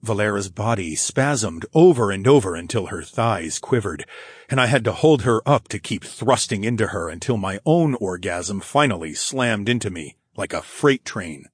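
Husky low-voiced male narrator. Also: lively intonation, normal speed, dry recording, studio quality. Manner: low, intimate delivery with sighs and chuckles. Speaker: audiobook narrator. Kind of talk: scripted first-person romance narration.

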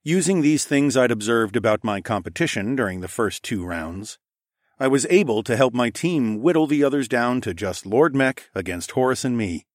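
A man narrating a first-person fantasy audiobook, lively and casual, giving the characters their own voices. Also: medium pitch, moderate pace, no echo, studio quality.

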